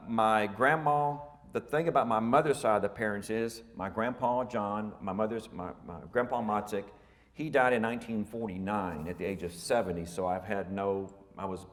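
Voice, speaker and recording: A man in his fifties gives a family history lecture in a folksy, meandering way, pausing on fillers and correcting himself as he goes. His voice sits fairly low. The sound carries a long reverb from a large hall. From Texas. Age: 50s. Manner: folksy and rambling, with many fillers and self-corrections.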